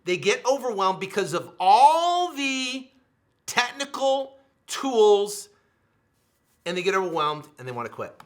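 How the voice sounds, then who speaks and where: A man giving an energetic sales pitch for his software, repeating his points with emphasis and often dropping to a low mutter. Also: a little slow. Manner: repetitive, emphatic, with sudden drops to a low mutter.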